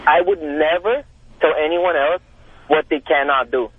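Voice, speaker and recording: An earnest male caller with a husky voice who rambles as he makes his point. He comes through a narrow, tinny telephone line. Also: on the high side, fairly even intonation, moderate pace. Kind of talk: call-in talk radio.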